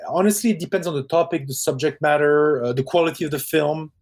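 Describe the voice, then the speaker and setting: Guy from quebec, film director chatting in an interview, kinda high voice, honest and self-deprecating, lots of ums. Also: fast. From Quebec, Canada. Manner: candid, self-deprecating, with fillers and restarts. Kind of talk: casual interview conversation.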